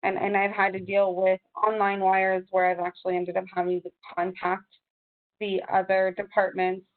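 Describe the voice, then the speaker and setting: A woman speaks in a flat, even tone over a thin, phone-like call. She halts often and searches for her words, restarting phrases as she goes. Her voice stays steady in pitch. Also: normal speed. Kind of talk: casual conversation. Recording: tinny phone-like line.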